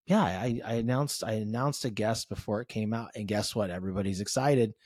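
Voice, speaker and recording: A man hosting a podcast in casual interview chat, animated and peppering his talk with "right?" and "you know". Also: lowish voice, fairly quick, breathy edge, no echo, clean studio sound. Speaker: podcast host.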